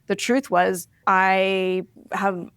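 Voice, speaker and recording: Woman, forties, interview guest; candid expressive storyteller, mid-pitched, dry close sound. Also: extremely slow, clean tone, dry recording. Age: 40s. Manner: expressive, reflective, frequent "like" and "right?".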